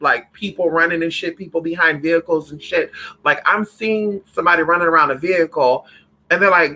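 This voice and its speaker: An animated man chats with his viewers about spirits, swearing freely and calling them honey and girl. His voice sits a bit high and rings bright and sharp. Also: a little fast, low-quality recording. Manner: animated, profane, calls listeners honey and girl. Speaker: spiritual livestream host. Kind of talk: casual chat with viewers.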